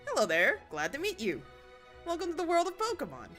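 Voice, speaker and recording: A woman's voice: sits high, huge pitch swings, a little fast, fairly bright tone, soft background music, pitched above the performer's own voice, exaggerated voice. A woman voicing a kindly old male professor from a video game, reading his dialogue aloud in a put-on old man voice. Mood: friendly.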